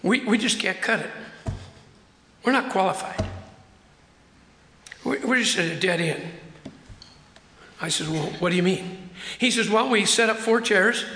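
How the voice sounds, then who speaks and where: An older man preaching as pastor of his church, acting out quotes and slowing down hard for emphasis. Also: high voice, sharp tone, slight background noise. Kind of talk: sermon. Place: church sanctuary. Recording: echoey hall.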